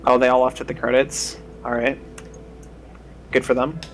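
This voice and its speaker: A man's voice: medium pitch, little pitch movement, moderate pace, slight background noise. A young man streaming a speedrun, chatting casually with rambling, sarcastic asides. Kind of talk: casual stream chat over gameplay. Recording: game music playing behind.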